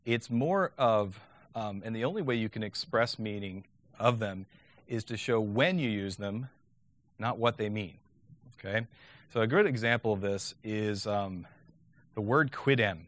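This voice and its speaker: A man's voice: lowish voice, unhurried, a bit bright, no room sound. A man giving a lecture on teaching Latin, talking conversationally and often checking in with "okay?".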